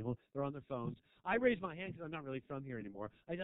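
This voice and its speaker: A male stand-up comedian in a small club, sardonic and profane, breaking into shrill outbursts. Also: very animated, racing, few pauses, no room sound. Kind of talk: stand-up set. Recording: tinny, dry lo-fi recording.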